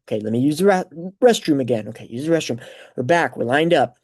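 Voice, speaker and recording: A man's voice: medium pitch, rapid-fire. A young man hosting a podcast, telling a personal story in a casual, rambling way full of fillers. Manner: rambling, filler-heavy, animated retelling. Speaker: podcast host.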